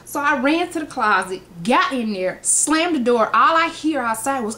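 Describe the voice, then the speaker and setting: Animated woman telling funny stories. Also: high-pitched, normal speed, few pauses. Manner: animated, laughing storyteller acting out quotes. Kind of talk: casual storytelling vlog.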